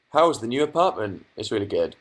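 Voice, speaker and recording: A young man from England hosting a casual livestream from his bedroom, reading out viewer comments and answering them with dry, sarcastic asides. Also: mid-range voice. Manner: reads chat aloud, dry sarcastic asides. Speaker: livestream host.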